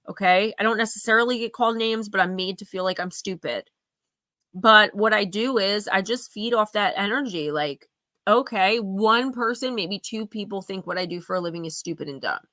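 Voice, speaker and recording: A woman's voice: mid-range voice, sharp tone, no room sound, studio quality. A woman hosting a live oracle card reading, giving earnest, emphatic advice straight to her viewers. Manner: earnest, emphatic, confiding, speaks to viewers directly.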